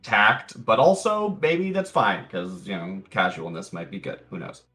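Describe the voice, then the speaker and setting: Sex: man. Role: bright-voiced, rambling game player. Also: on the low side, very animated, measured pace, soft background music. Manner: musing, hedging, full of fillers. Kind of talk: casual chat about a tabletop character.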